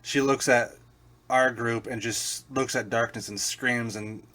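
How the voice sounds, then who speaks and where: A man's voice: mid-range voice, fairly even intonation, a little slow, pushed and bright. A man co-hosting a podcast, chatting casually with crude, joking asides. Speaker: podcast co-host. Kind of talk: casual storytelling chat.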